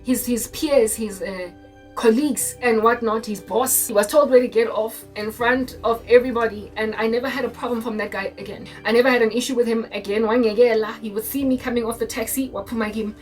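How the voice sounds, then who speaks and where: A young woman with a South African accent tells a story in a loose, chatty way, switching languages and checking in with her listeners. Her voice sits a little high. She sounds set back from the mic, and soft music plays underneath. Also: steady tone, brisk. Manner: mixes English with Sesotho, frequent "do you understand?". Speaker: Christian YouTuber. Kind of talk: casual storytelling monologue. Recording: distant mic with faint music behind.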